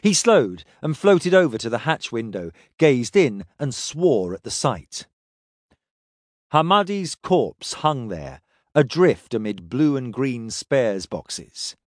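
A man reading a science fiction story aloud in steady, descriptive narration. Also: medium pitch, slow pace, dry recording, studio quality. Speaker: audiobook narrator.

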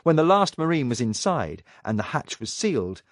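A male audiobook narrator reads science fiction with a dramatic, expressive delivery. His voice rises and falls in a lively way. The recording is dry and close, with no room sound. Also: medium pitch, moderate pace, dry recording. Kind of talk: scripted narration.

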